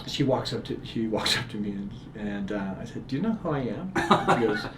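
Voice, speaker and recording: Speaking fairly quickly in a lowish voice, this middle-aged guest author animatedly narrates a story in conversation, giving voice to its characters' dialogue. Echo and faint ambient noise fill the recording room.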